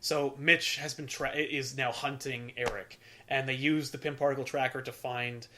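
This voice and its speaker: A man's voice: mid-range voice, steady tone, moderate pace, sharp tone, a little hiss or hum. A man hosting a casual chat, recapping a comic story in a rambling, profane way with lots of fillers. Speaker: podcast host.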